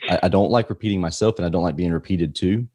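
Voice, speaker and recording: A man with a very low voice hosts a podcast. He asks his questions casually, rambling and restarting. The sound is dry and close. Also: quick pace, warm tone, no room sound. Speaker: podcast host.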